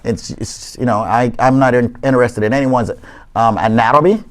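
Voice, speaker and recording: A man's voice: mid-range voice, normal speed. A man co-hosting a live radio call-in show, announcing in a promotional way and answering banter with dry comebacks. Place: law office studio.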